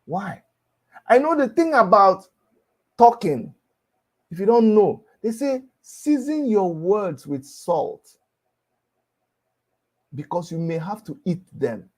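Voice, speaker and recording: A man's voice: high voice, sing-song, slow pace, long pauses. A man delivering an impassioned, preachy monologue broadcast, scolding and repeating himself for emphasis. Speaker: broadcaster addressing critics.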